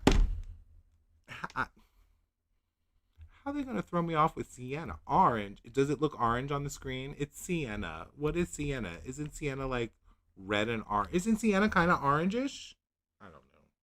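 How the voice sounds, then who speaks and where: Male livestream host, lively up-and-down delivery, rambling and self-doubting. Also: mid-range voice, normal speed, pauses often. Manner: rambling, self-questioning, laughs at himself; reads product blurbs in a mock-dramatic voice. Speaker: nail polish channel host. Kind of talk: casual livestream chat.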